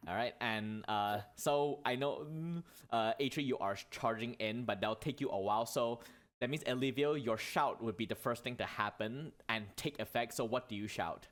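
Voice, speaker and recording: A man's voice: mid-range voice, normal speed, fairly bright tone. A man narrating as dungeon master in a tabletop game, chatty, correcting himself as he goes. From Malaysia. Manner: chatty, with self-corrections and laughs.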